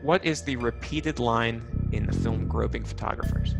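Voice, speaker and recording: Gravelly quiz host, man. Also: mid-range voice, wildly swooping pitch, moderate pace, over loud music. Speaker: game show host. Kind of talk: quiz questions on a live web show.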